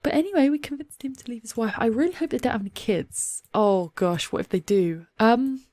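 A woman's voice: on the high side, brisk, a little mellow, no room sound, studio quality. A woman hosting a let's play, chatting through the game and gasping and giggling at the drama. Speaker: gaming channel host. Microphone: desktop USB microphone.

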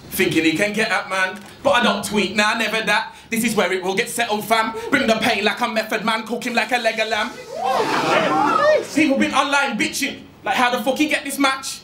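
A man's voice: high voice, bright, forceful tone, a little hiss or hum. A man performing a mocking, aggressive rap battle verse in a club venue. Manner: aggressive, mocking, punchy delivery. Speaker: battle rapper. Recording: echoey venue with crowd.

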